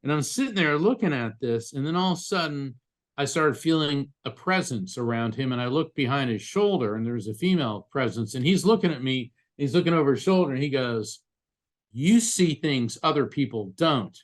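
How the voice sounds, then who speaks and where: A man appearing as a guest, a psychic medium, talking earnestly and telling animated stories in a conversational interview. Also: medium pitch, fairly quick.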